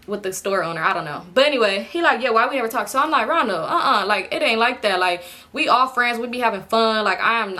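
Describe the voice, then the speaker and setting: A woman's voice: medium pitch, sharp tone. A young woman vlogger telling a personal story to her viewers in casual, slangy chat, often addressing them directly.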